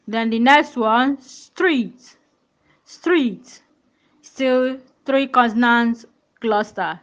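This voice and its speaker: Slow-talking woman teaching pronunciation. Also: on the high side, a bit bright, muffled recording. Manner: repetitive, checks understanding with questions. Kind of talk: pronunciation lesson.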